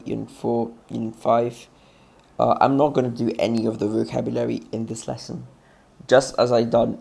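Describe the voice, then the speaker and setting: Gravelly man teaching English grammar. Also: medium pitch, mellow. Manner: explains step by step with many fillers and restarts. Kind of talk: recorded online grammar revision lesson.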